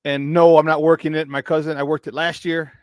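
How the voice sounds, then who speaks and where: A man's voice: a little high, flat delivery, brisk, dry recording. A young man hosting a casual morning sports talk show, rambling loosely and slipping into Spanish phrases.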